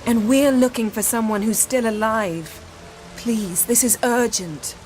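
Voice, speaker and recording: An actress voicing a proud, commanding sorceress in poised video game dialogue. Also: female voice, fairly high pitch, unhurried, darkish tone, faint music behind, natural voice, poor audio. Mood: cool. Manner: poised, imperious.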